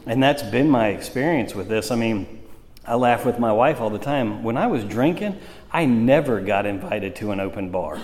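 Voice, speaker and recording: A man's voice: medium pitch, lively intonation, moderate pace, a little mellow, a little hiss or hum. A man sharing his recovery story at a meeting, talking in a casual, rambling way with many fillers. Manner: conversational storytelling with frequent fillers. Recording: long hall reverb.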